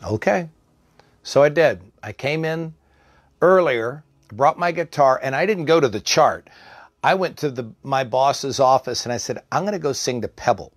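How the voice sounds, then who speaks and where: A man who worked in psych care, telling a personal story in a conversational, halting way with fillers and restarts. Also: medium pitch, expressive, no echo, studio quality. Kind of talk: personal anecdote told aloud.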